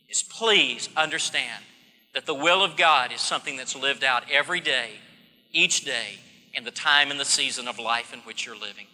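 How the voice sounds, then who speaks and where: A man preaching a sermon, telling a story and moving between hushed and emphatic delivery. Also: mid-range voice, normal speed, in a large hall, poor audio.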